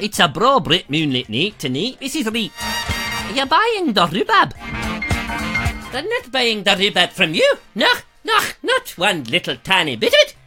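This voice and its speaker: A man doing a shrieking mock-French accent. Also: heavily acted. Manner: high, loud, exaggerated shouting. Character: excitable shouting mock Frenchman, adult man.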